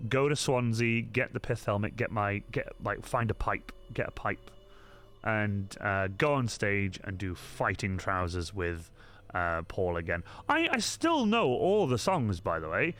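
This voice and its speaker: A man's voice: lowish voice, sing-song, measured pace, fairly bright tone. A man chatting casually to viewers on a live stream, hesitant and rambling, full of restarts and ums.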